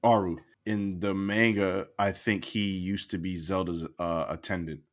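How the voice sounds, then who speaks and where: Low-voiced man, laughing casual chat. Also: unhurried. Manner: laughs often, animated. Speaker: podcast co-host.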